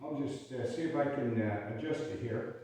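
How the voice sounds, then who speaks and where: A man's voice: medium pitch, normal speed, mellow. A man performing Civil War stories for a live audience, folksy and joking as he chats between songs. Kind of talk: storytelling with sung songs. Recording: echoey hall from far off, with guitar.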